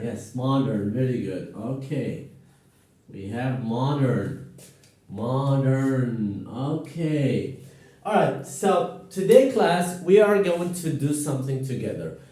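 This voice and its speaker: A man teaching a grammar lesson to a class, slow and encouraging, repeating words for students to echo. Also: on the high side, warm tone. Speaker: English teacher. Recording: echoey room, voice far from mic.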